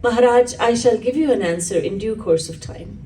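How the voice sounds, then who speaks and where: Woman playing a polite clever minister, patient explaining, mellow voice, recorded from a distance. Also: on the high side, fairly quick, a little hiss or hum, lightly acted. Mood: courteous. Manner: deferential and explaining. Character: clever, respectful male royal minister.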